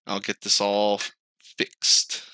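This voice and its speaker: A man co-hosting a podcast in casual chat, animated and swearing, acting out outbursts. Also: on the low side, slow pace, smooth, no room sound. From California. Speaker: podcast co-host.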